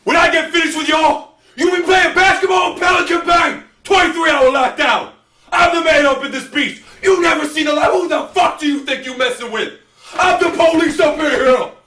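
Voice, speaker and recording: A man doing an impression of a menacing, swaggering cop who shouts threats, heard as a clip from an audition reel. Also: extremely high pitch, normal speed, roomy sound, distant mic, pitched above the performer's own voice. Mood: threatening. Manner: shouting, boastful, intimidating.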